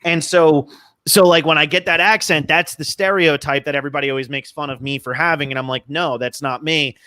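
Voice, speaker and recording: A man from New Jersey hosts a casual podcast chat and gives his opinions freely, often making fun of himself. His voice is bright and forward. He jumps into quick asides. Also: fairly high pitch, flat delivery, smooth. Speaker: podcast host.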